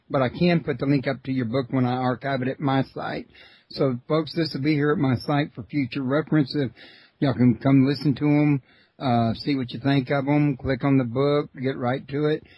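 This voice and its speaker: A male host of a long-running radio show, talking in a folksy, relaxed way with plenty of fillers. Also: mid-range voice, moderate pace, husky, no echo, rough recording. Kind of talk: casual interview talk.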